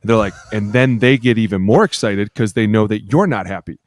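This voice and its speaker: A man's voice: lowish voice, animated, a little fast, no room sound. A man co-hosting a casual podcast, a rowdy, profane storyteller who acts out the dialogue in his stories. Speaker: podcast co-host, former football lineman.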